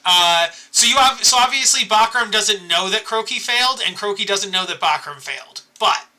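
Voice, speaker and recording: High bright voice on a game master guy, swings all over, laughy, on a call mic. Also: moderate pace. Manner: animated, breaks into laughter. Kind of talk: running an online tabletop game.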